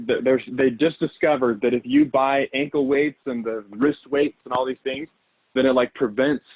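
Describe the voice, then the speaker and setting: A man giving a motivational talk. He walks listeners through a guided visualization, rambles, acts out their inner thoughts, and keeps checking in with "okay?" and "right?". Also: medium pitch. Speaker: motivational speaker. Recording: thin phone-like line.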